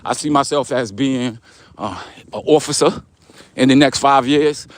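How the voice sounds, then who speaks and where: A middle-aged man with a New York accent talks casually into a phone as he walks down a street outdoors. He reads viewer comments aloud and answers them in relaxed, streetwise slang, in a voice of ordinary middle pitch. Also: unhurried, slight background noise. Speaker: vlogger reading live chat. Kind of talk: casual livestream chat while walking.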